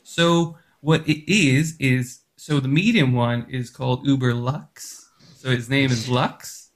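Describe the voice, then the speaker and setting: A man running a tabletop game as game master, talking with many pauses and restarts. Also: mid-range voice. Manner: halting, lots of fillers and restarts.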